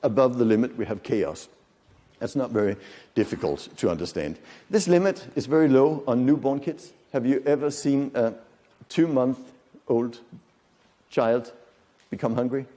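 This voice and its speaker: A man in his fifties speaks at a medium pitch and moderate pace with a dark tone, giving a live lecture in a large conference hall. His delivery is conversational, with jokes and questions for the crowd, and the lecture room adds long hall reverb.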